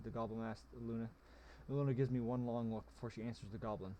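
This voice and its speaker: A man's voice: mid-range voice, steady tone, quick pace, dark tone, a little hiss or hum. A man reading a gamebook aloud, sometimes stumbling over words and correcting himself. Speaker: reader.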